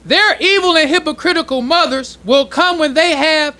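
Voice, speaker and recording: High, bright-voiced male minister preaching. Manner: preaching in casual street-level speech, slowing to read quoted passages. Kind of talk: sermon teaching. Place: temple congregation hall.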